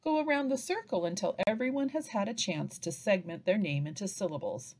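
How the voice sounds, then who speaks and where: A woman giving an instructional training narration for early reading teachers, pausing to chant example phrases. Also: mid-range voice. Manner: slow, lively delivery with chanted example phrases.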